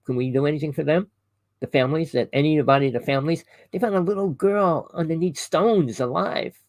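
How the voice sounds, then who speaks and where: A man with a fairly high-pitched voice talks fairly quickly in a rough recording with no room sound. An online conspiracy commentator, he gives a rambling, preachy monologue to camera, often correcting himself, calling listeners "people," and firing off rhetorical questions.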